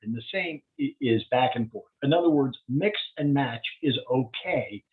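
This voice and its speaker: A man's voice: medium pitch, normal speed. A man, a physician, giving a community health update and walking plainly through slides step by step. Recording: tinny phone-like line.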